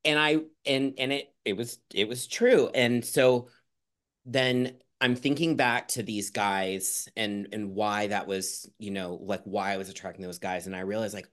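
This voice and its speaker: Man, podcast guest, slightly low voice, candid storytelling, chatty, casual swearing. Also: fairly even intonation, unhurried, a bit bright. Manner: frank and self-deprecating, with casual swearing; chatty, with many restarts and "like".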